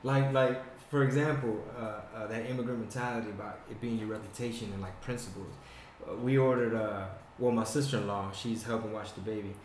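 A man chatting casually and telling stories, swearing often and animated. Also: fairly low pitch, brisk, a little hiss or hum. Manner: profane, animated storyteller. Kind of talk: casual chat. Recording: echoey room.

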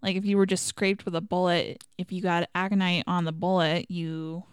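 A woman's voice: lowish voice, little pitch movement, normal speed, clear, resonant tone, no echo. Chatty woman on a dry podcast mic. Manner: chatty, swears, filler-heavy. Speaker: podcast co-host. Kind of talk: casual podcast chat.

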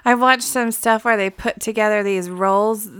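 A woman's voice: mid-range voice, fairly even intonation, moderate pace, fairly bright tone, clear, resonant tone, dry recording. Chatty woman, dry close sound. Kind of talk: casual chat.

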